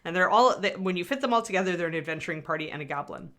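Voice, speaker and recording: A woman's voice: on the low side, lively intonation, very fast, a bit bright. A middle-aged woman hosting a casual livestream, chatting in a rambling way and answering viewers while painting miniatures.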